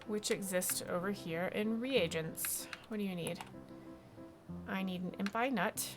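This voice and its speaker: A woman chats to herself as she plays a video game, musing and muttering between tasks. Her voice sits in a middle pitch, and loud game music plays underneath. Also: a little slow. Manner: chatty, talks to herself while playing. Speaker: streamer. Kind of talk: casual let's-play commentary.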